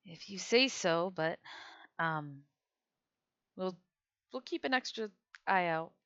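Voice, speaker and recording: A woman's voice: lowish voice, lively intonation, takes it slowly, fairly bright tone, smooth, no room sound, exaggerated voice. A woman playing a grumbling middle-aged man. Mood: wary. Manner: exasperated, griping. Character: grumbling fifty-year-old male crew member. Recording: dull lo-fi sound.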